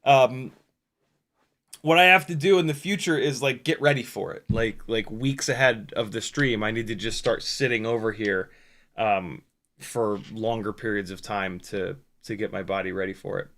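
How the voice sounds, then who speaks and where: Bright-voiced man chatting on a stream. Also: on the low side, normal speed. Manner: rambling, self-mocking, frequent restarts. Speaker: streamer reading chat. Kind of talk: casual live-stream chat. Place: home workshop at a workbench.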